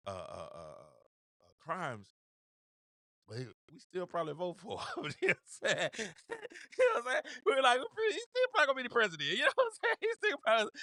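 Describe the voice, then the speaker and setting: A man's voice: on the high side, sharp tone, dry recording, clean studio sound. A man hosting a show, talking casually and animatedly about the news with slang, repeated phrases and frequent laughter. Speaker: show host. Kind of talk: casual political commentary.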